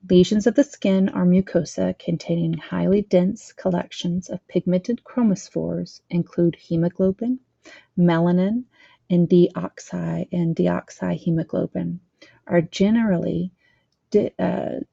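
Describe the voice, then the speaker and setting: A woman's voice: on the low side, steady tone, unhurried, vocal fry, warm tone, slightly rough, no room sound, highs cut off. A woman teaching a training lesson, reading slides aloud with a slight lisp, stumbling over terms and correcting herself. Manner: reads text aloud, stumbles and corrects herself, adds plain explanations. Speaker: instructor.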